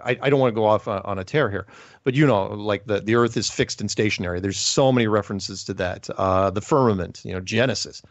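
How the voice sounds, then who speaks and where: A man's voice: fairly low pitch, quick pace, no room sound. A middle-aged man hosting a casual chat, rambling with lots of restarts. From United States. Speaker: podcast host. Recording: dull lo-fi sound.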